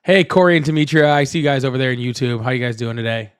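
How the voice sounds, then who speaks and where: A man's voice: mid-range voice, racing, clean tone. A man hosting a live political debate stream, chatting casually and rambling to his viewers. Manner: rambling, repeats himself, talks straight to chat. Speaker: livestream political debate host. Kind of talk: casual livestream chat.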